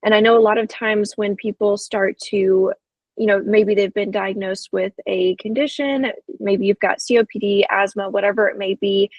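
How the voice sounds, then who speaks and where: A woman co-hosting a health podcast speaks in an encouraging, conversational way. Her voice is gravelly and a little husky. The sound is dry and close to the mic. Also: mid-range voice, a little mellow, dry recording, poor audio. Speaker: podcast co-host. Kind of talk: casual health podcast chat.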